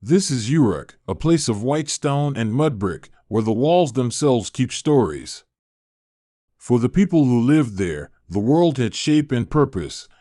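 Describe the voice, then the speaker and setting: A man narrating a bedtime history story in a calm, soothing, slow voice. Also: mid-range voice, dry recording, clean studio sound. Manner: slow, soothing, even delivery.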